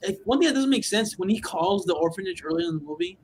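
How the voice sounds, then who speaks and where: Brief: male podcast co-host, notably high voice, easygoing, quick to laugh. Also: expressive, vocal fry, a little hiss or hum. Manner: laughs easily, quotes scenes. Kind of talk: casual chat.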